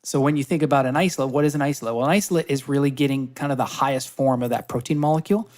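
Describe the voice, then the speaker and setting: A man's voice: mid-range voice, steady tone, rapid-fire, darkish tone. A man from Canada, a podcast guest who runs a supplement company, talking in an eager, explanatory way with many fillers and restarts. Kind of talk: casual conversational pitch.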